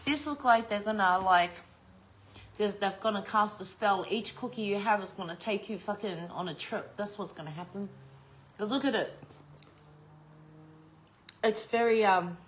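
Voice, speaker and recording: A middle-aged woman chatting to her camera in a loose, unscripted way. She swears freely and breaks into laughter often. Her voice sits at an ordinary, middle pitch for a woman. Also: normal speed, long pauses. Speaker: vlogger. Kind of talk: casual unboxing chat.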